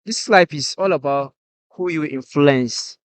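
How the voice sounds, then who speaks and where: A man's voice: on the high side, measured pace, smooth, no room sound. A Nigerian man talking as the guest musician on a casual podcast, earnest and saying "you get" again and again.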